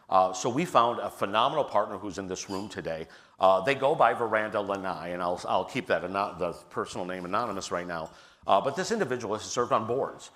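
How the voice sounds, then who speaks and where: A man's voice: fairly low pitch, expressive, a little fast, fairly bright tone. A middle-aged man on a panel, telling an earnest personal story with some restarts. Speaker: panelist, theater leader. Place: stage at a public forum.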